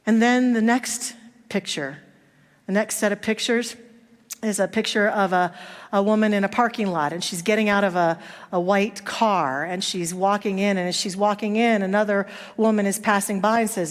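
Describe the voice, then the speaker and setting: A woman's voice: mid-range voice, steady tone, normal speed. Woman preaching in a reverberant hall. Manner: storytelling, acting out quoted voices. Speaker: minister. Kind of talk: sermon. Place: church sanctuary.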